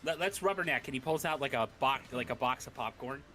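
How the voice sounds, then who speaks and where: A man's voice: mid-range voice, steady tone, brisk, bright, forceful tone, soft background music. A man playing a tabletop game, chatty and joking, slipping into character voices. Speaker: player.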